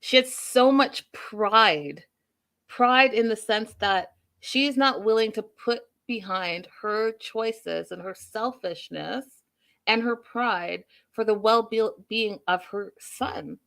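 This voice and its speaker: A woman's voice: on the high side, takes it slowly, vocal fry. Opinionated woman recapping a show. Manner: opinionated, animated, addresses viewers directly. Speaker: host. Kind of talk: casual recap and commentary.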